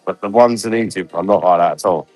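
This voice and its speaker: A man's voice: low voice, fast, darkish tone, no echo, soft background music. An English man vlogging casually from a holiday resort, talking bluntly and swearing freely. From England. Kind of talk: casual vlog chat.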